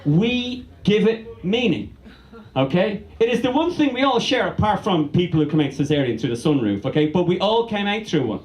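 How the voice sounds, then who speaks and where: A man's voice: high-pitched, sing-song, normal speed, darkish tone, echoey room. A man with an Irish accent doing a stand-up comedy set, rambling, swearing freely and teasing the crowd. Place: comedy bar venue, live audience.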